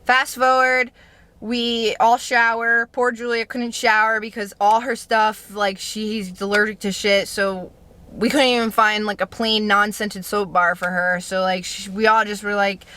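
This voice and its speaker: A young woman tells a personal story to her camera in a loose, conversational way. Her voice is bright and forceful. She is animated and profane, and she acts out quoted lines as she goes. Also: medium pitch, measured pace, clear, resonant tone. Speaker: vlogger telling a personal story. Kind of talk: casual storytime monologue.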